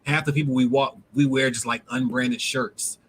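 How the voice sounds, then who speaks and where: A man's voice: mid-range voice, steady tone, normal speed, fairly bright tone, slight background noise, rough recording. A man hosting a casual livestream, talking loosely in slang and reading out viewer comments. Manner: laid-back, slangy, reads out viewer comments. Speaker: livestream host.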